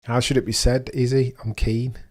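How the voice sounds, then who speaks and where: A man's voice: mid-range voice, flat delivery, moderate pace. A young man hosting a livestream, chatting casually and joking as he reads comments aloud. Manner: chatty, jokey, laughs often, mutters asides. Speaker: livestream host.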